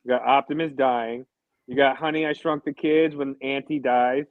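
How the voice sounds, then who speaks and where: A man's voice: medium pitch, fairly even intonation, moderate pace, dry recording. Male guest on a remote call, lo-fi and dry sound, easygoing storyteller. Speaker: co-host. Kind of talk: casual livestream chat.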